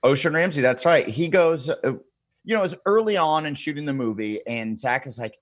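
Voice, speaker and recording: A man's voice: fairly high pitch, lively intonation, a little fast, fairly bright tone, dry recording. A man in his thirties, a podcast guest, telling a wild story in a casual, profane way and acting out the people he quotes.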